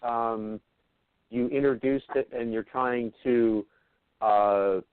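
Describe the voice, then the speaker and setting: A man hosting a radio interview, reflecting back on what his guest said in a slow, thoughtful way with hesitant fillers. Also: mid-range voice, fairly even intonation, background noise. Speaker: radio show host. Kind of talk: interview conversation. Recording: tinny phone-like, dry.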